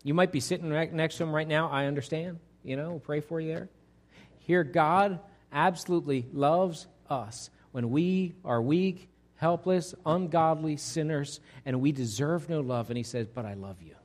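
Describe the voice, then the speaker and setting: A pastor preaching a conversational sermon to his congregation, swinging between loud emphasis and quiet, hushed lines. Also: on the high side, moderate pace. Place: church sanctuary.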